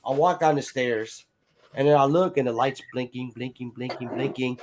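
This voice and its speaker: A man's voice: medium pitch, moderate pace, a little mellow, a little hiss or hum. A man telling a personal story in casual chat, rambling, swearing and acting out other people's lines. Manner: rambling, full of "like" and "you know", swears freely.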